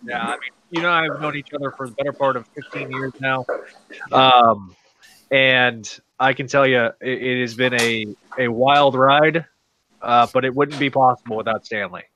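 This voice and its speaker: A man on a podcast panel in casual chat, talking in halting bursts and repeating words. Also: medium pitch, steady tone, bright, forceful tone, slight background noise, rough recording.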